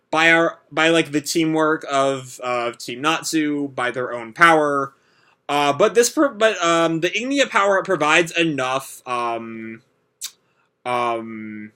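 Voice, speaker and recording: A man hosting a manga reaction, narrating each panel and giving his opinions. He rambles, with many fillers and restarts. His voice is a little high, bright and forceful. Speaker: manga reaction video host. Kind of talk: reading a manga chapter aloud and commenting.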